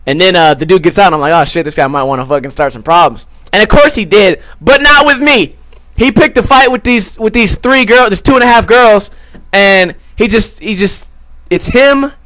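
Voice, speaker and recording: A man's voice: sits high, expressive, normal speed, pushed and bright, no echo. A young man hosting a podcast, telling a rambling, crude story full of swearing and acted-out quotes. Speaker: podcast host. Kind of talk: casual storytelling.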